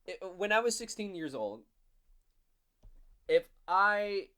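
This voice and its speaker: A man in his twenties giving a casual, animated book review, swearing often and acting out the characters' lines. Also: high-pitched, slow. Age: 20s. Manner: animated, profane, frequent "like" fillers, acts out characters.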